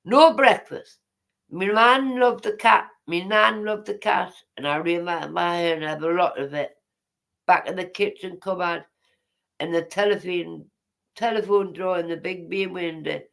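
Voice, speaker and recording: A woman's voice: on the low side, unhurried, creaky, a bit bright. A woman, casually reading her memoir aloud and breaking off for chatty, teasing asides.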